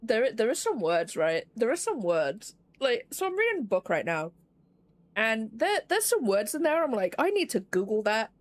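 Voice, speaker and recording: This woman streams a puzzle game at a normal speed, her fairly high voice sing-song and free of echo. She's chatty and self-deprecating, rambling with fillers as she teases herself while playing.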